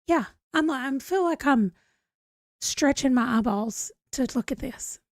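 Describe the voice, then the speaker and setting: High-pitched forties woman rambling thru a live chat, reading comments out, dry close sound. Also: lively intonation, unhurried, no echo. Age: 40s. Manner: chatty and rambling, reads viewer comments aloud. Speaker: book channel host. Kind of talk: casual livestream chat.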